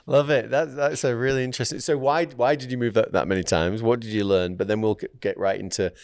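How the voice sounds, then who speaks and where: A man's voice: medium pitch, steady tone, fast talker, darkish tone, smooth, dry recording, clean studio sound. A man hosting a podcast interview, asking encouraging questions with short affirmations. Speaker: podcast host.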